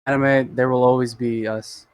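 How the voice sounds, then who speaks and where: A man's voice: medium pitch, little pitch movement, moderate pace, clear, resonant tone. A seventeen-year-old boy co-hosting a casual podcast, blunt and dry, given to sighing. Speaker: podcast co-host.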